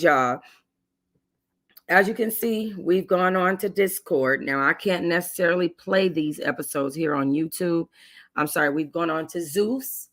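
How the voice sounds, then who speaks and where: A woman's voice: low voice, a bit bright. A woman hosting a casual livestream, giving chatty, sassy commentary with emphatic slangy asides. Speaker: YouTube host reviewing a reality show.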